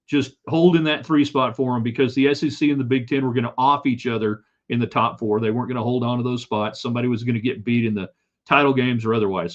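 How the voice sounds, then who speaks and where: A man hosting a live sports talk show, chatting casually and joking as he reads viewer comments. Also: mid-range voice. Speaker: sports talk show host reading chat. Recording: slightly dull lo-fi sound.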